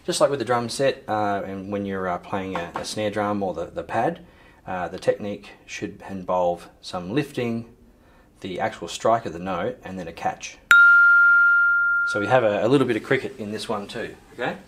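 A man's voice: on the low side, moderate pace, a little hiss or hum. A man teaching a recorded percussion lesson, explaining technique patiently and counting in before calling out patterns. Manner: calls out sticking patterns loudly over drumming, then explains calmly. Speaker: music teacher. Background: drum playing.

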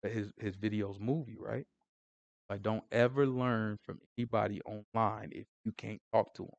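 A man's voice: fairly low pitch, steady tone, normal speed, gravelly, dry recording, dull audio. Emphatic man teaching in a dry room. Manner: emphatic, conversational, rhetorical questions; frequent "you know what I'm saying". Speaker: Bible teacher. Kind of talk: casual street-style teaching.

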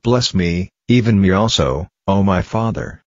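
A man's voice: sits low, unhurried, a little mellow, no room sound. A man reading the lines of a grieving adult son earnestly pleading with his father. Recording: dull lo-fi, dry.

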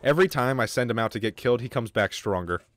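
A young man commentating his game on a livestream, excitable and swearing, with quick outbursts of frustration. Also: mid-range voice, no room sound. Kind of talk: casual gaming livestream commentary.

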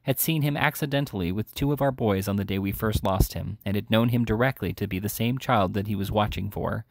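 A man's voice: fairly low pitch, brisk, vocal fry, no room sound, studio quality. A man voicing a desperate, ashamed young woman thief, pleading and urgent.

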